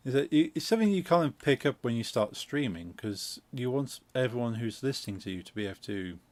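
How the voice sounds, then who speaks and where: A man's voice: mid-range voice, lively intonation, fairly quick, dry recording. A man with an English Midlands accent, hosting a game stream and chatting casually, rambling through explanations with lots of fillers. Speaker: streamer host. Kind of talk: casual chat while gaming.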